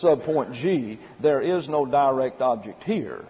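A man's voice: medium pitch, lively intonation, measured pace, slightly rough. A male preacher giving methodical, point-by-point Bible teaching in a sermon, with emphatic rhetorical questions. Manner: methodical, outlining by numbered subpoints. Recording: muffled sound with long hall reverb.

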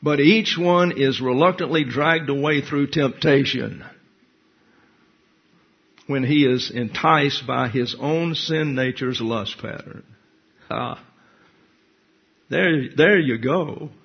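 A man's voice: mid-range voice, slow, vocal fry, long pauses, breathy edge. A man preaching a Bible class sermon, blunt and teacherly, reading scripture verse by verse and explaining it. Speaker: pastor. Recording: dull lo-fi recording.

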